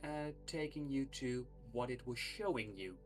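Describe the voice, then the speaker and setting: Slow, halting game master. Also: medium pitch, expressive, faint music behind. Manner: slow and halting, with many "uh" pauses. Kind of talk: narrating a tabletop game on a livestream.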